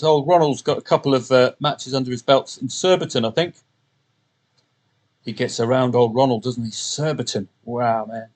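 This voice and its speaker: A male podcast host with a mid-range voice gives casual solo commentary on the day's tipping picks. He rambles and corrects himself on the fly. He throws in off-hand jokes between points. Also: mid-range voice. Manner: rambling, with jokey asides and self-corrections. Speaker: podcast host and betting tipster.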